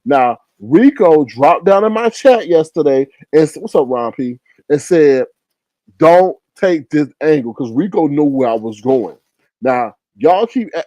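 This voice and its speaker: A middle-aged man commentating on a livestream, telling a story with expressive, acted-out quotes. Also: fairly high pitch, no room sound, rough recording.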